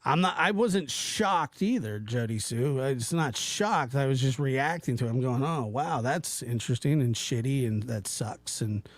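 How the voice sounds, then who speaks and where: A man hosting a casual livestream, talking to his chat in a rambling, animated way, often stopping and restarting. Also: medium pitch, normal speed, hardly any pauses, dry recording. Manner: animated, rambling, self-interrupting, mimics voices in quotes. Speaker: livestream host reading chat.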